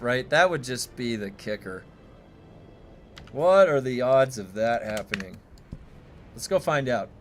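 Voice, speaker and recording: A man streaming a game live, thinking aloud and reacting excitedly, swearing when things break. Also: a little high. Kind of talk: live gameplay streaming commentary.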